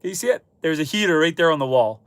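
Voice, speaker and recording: A man from Canada hosting a homesteading livestream with a head cold, his voice stuffy and slightly hoarse, chatting upbeat with viewers and his animals. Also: a little high, animated, quick pace, dry recording. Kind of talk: casual livestream chat reading viewer comments. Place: chicken coop on a homestead.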